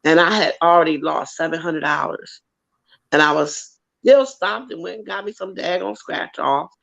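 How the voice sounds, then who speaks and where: A woman telling a long story in casual chat, animated and swearing freely. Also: on the low side, moderate pace, creaky. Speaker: co-host. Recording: dull lo-fi audio.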